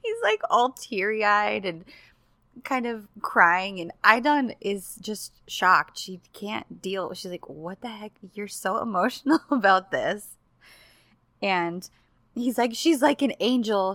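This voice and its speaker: A woman co-hosting a casual chat recap of a TV drama, animated, laughing often and acting out quotes. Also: medium pitch, slow pace, dry recording. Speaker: podcast co-host.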